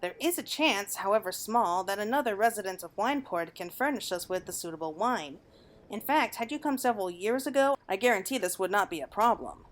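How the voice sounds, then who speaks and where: A woman voices a video game character, a calm, blind retired mercenary turned male wine connoisseur. Her medium-pitched delivery is measured, refined, and lightly acted.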